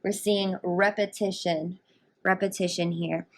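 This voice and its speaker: A woman English teacher giving a recorded guided reading lesson, explaining a story in an animated, explanatory way. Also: lowish voice, a little slow.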